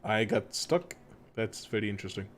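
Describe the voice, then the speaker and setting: A man's voice: on the low side, lively intonation, moderate pace. A man live-streaming a game and chatting casually with viewers. He swears freely, laughs often and pokes fun at himself. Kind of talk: casual gaming stream chat.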